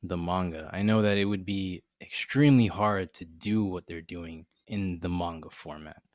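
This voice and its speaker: A man's voice: low voice, normal speed, a little mellow, no room sound, clean studio sound. A man co-hosting an anime discussion podcast, recapping scenes thoughtfully and at length in casual chat.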